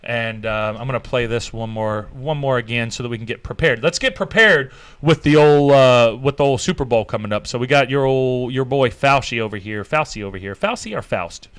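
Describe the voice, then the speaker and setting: A man's voice: medium pitch, a little fast, a bit bright, smooth. A man hosting a podcast, ranting in a casual, sarcastic and profane way. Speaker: podcast host. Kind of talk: casual comedic rant.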